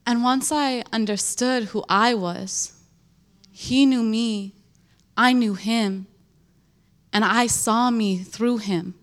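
A young woman shares her testimony in an emotional, animated way, leaning on emphatic repetition as she tells her story. Her voice sits a little high for a woman. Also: slow. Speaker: speaker sharing a testimony. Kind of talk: testimony in church.

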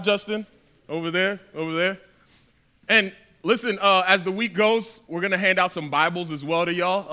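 A man delivers a sermon in a church, talking to the room in a loose, joking way. His voice sits high for a man and rings bright and forceful. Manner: conversational and playful with the congregation. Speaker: preacher. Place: church hall.

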